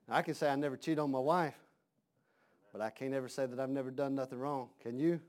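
A man's voice: medium pitch, steady tone, quick pace, darkish tone. A man preaching a sermon in a folksy, conversational way, asking his congregation questions.

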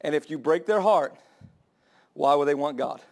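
A young adult man preaching a sermon to his church, impassioned and building to high, emphatic cries. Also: lively intonation, normal speed, creaky. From United States.

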